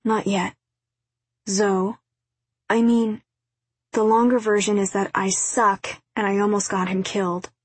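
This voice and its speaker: A woman voicing a hushed, guilt-ridden teenage girl. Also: medium pitch, flat delivery, a little slow, pauses often, breathy edge, no room sound.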